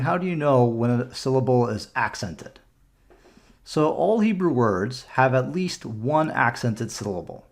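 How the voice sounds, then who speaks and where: A man's voice: medium pitch, gravelly. A Canadian man tutoring for bar mitzvahs, explaining a lesson patiently step by step in a screen-recorded video, with small restarts. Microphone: computer mic for a screen recording.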